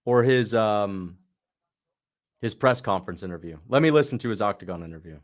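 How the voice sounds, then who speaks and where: A man's voice: on the low side, expressive, fairly quick. A man hosting a casual watch-along livestream, chatting in a slangy way and answering viewers' questions. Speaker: livestream host.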